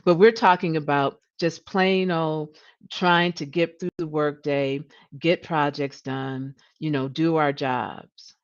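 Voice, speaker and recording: A woman coach talking to a live audience, with a fairly low voice. She gets animated and repeats herself as she works through a thought. The audio is slightly dull and lo-fi. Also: takes it slowly. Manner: animated, restarts and repeats words, rises when passionate. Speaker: leadership coach and livestream host. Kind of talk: coaching talk.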